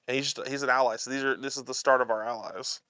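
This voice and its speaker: A man's voice: mid-range voice, fairly even intonation, quick pace, bright, forceful tone, clean tone, dry recording. A man hosting a live show, chatting casually as he unboxes a card game and reads the cards aloud, amused and chuckling often.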